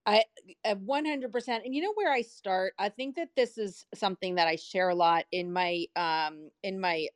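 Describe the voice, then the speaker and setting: A woman's voice: mid-range voice, normal speed, no room sound. A woman in her forties speaks earnestly about self-belief, rambling and restarting as she goes. The recording is dry and close, with no room sound. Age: 40s. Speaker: host of an audio room. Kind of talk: motivational casual talk.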